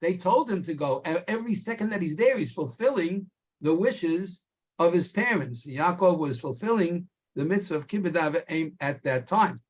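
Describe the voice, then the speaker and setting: Man, high voice, husky tone, Torah class, slow deliberate emphasis. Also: expressive. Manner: explains slowly with stretched emphasis on key words. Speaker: rabbi teaching a weekly Torah class.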